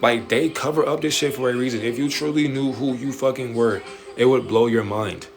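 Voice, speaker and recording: A man hosting a late-night livestream, preaching in an animated way with slangy street talk and swearing. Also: mid-range voice, brisk. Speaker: livestream host answering viewer questions. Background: faint music playing in the background.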